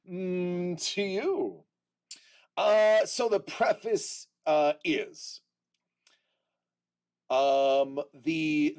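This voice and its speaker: A man hosting a casual livestream, chatting with viewers in an unhurried way, with frequent restarts and fillers. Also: on the high side. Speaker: livestream host.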